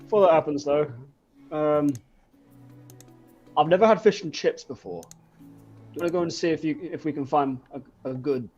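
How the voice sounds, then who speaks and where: A man taking part as a player in a tabletop game, talking in a halting way and repeating words. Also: fairly high pitch, a little mellow, dull audio, faint music behind.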